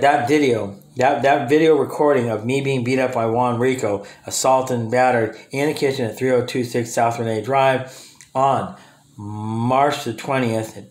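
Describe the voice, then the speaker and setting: A man's voice: medium pitch, a little mellow. A man ranting to camera in a confrontational way, speaking directly to absent people and often restarting his sentences. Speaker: vlogger. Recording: roomy echo.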